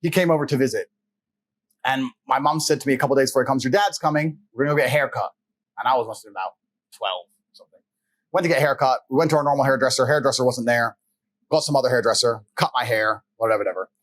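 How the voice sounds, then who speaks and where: A man raised in England, a guest in an interview, telling personal stories in a blunt, profane, animated way. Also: mid-range voice, fast talker. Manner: animated, blunt and profane, acts out quoted voices. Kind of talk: fast personal storytelling in conversation. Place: interview set.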